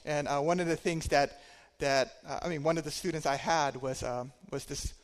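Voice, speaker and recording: A man preaching a sermon, telling a personal story in a conversational way, swinging between loud and quiet. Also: a little high, fairly even intonation, moderate pace, in a large hall.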